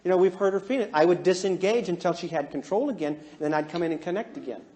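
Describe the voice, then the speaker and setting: A man's voice: high-pitched, fast talker. A middle-aged man giving a counseling seminar, telling humorous, self-mocking stories about his marriage to a live audience. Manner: animated, jokey, self-mocking, swings from hushed to loud.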